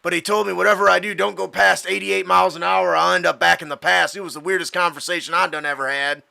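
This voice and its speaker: Man voicing a chatty middle-aged cab driver, folksy, rambling, bright. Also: sits high, fairly even intonation, fast talker, creaky, heavily acted.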